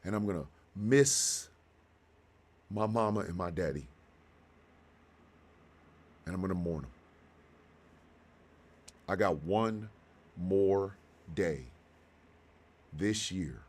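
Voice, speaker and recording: A man in his fifties hosting a radio show, talking slowly and with deep feeling about personal loss. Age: 50s. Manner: heartfelt, slow and halting, then bursts of loud excitement. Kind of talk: emotional monologue.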